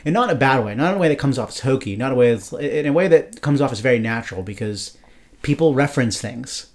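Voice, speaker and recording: A man's voice: mid-range voice, lively intonation, fast, darkish tone. Rambling, enthusiastic man talking books. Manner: enthusiastic, rambling with frequent "like" and "you know". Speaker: podcast co-host. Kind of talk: casual book discussion.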